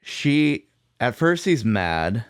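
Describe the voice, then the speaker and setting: A man co-hosting a podcast, calmly explaining a film's plot in casual chat. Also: medium pitch, very slow, clear, resonant tone, no echo, clean studio sound. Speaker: podcast co-host. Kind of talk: casual movie recap chat.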